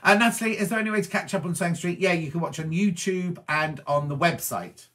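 Chatty bright-voiced man reading messages. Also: sits high. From Wiltshire, England. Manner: chatty, answers messages with quick asides. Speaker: TV presenter reading viewer messages. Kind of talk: casual chat reading viewer comments.

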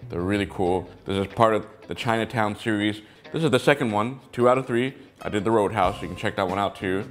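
A man hosting a casual review vlog, chatting excitably and talking straight to his viewers. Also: fairly low pitch, a little fast. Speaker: toy brick set reviewer, channel host.

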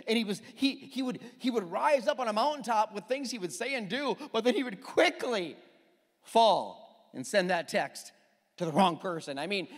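A man preaching a sermon as pastor, emphatic and animated, with quick asides to the congregation. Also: high-pitched, in a large hall.

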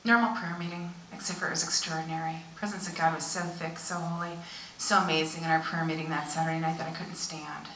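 A woman pastor preaches a story-driven sermon, animated and then hushed for emphasis. Her voice is bright and forceful, slightly low. It carries from a distance through an echoey church hall with faint room noise. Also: quick pace. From United States. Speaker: visiting pastor, missionary.

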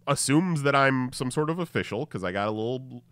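A man's voice: mid-range voice, expressive, fairly quick, a bit bright, clear, resonant tone, dry recording. A man hosting a podcast, casually telling a story with swearing and laughter at his own tale. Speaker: podcast host.

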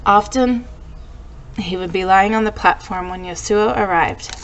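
A woman teacher reading a storybook aloud to her class in a gentle storytelling way. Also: medium pitch, a little slow, lo-fi sound, a little hiss or hum.

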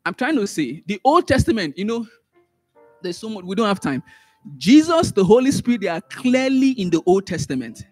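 A man with a high, husky voice teaching a church Bible class. He restarts phrases and keeps repeating words, then surges up loud and high when a point lands. Faint music sits under his voice. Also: normal speed, dry recording. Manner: animated, rises sharply in pitch and volume for emphasis, trails off in asides. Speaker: Sunday school teacher.

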